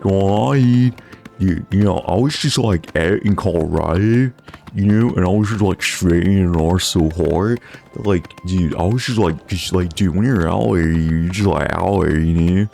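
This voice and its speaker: A man's voice: deep voice, measured pace, vocal fry, mellow. A man voicing a laid-back male California surfer bro who drawls and keeps repeating himself. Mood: stoked. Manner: drawling, repeats himself, says dude constantly.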